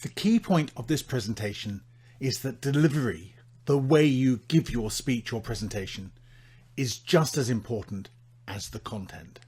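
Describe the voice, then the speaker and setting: A man teaching presentation delivery, demonstrating his points with big swings in loudness and dramatic pauses. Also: medium pitch, breathy edge. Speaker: public speaking instructor. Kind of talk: instructional presentation.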